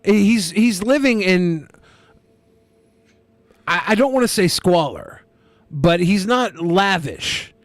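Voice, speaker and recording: Blunt, slightly high-voiced man, dry sound. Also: expressive, takes it slowly, pauses often, dry recording. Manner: blunt, swears casually, repeats words when starting. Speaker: podcast co-host. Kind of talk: casual chat.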